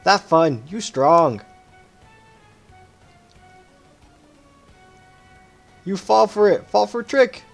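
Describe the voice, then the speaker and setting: A man voicing a wild, feral boy who talks in excitable broken baby-talk while reading game dialogue aloud. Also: high-pitched, a little slow, gravelly, faint music behind, voice pushed up, full character voice. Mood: gleeful. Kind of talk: video game dialogue read aloud with voices.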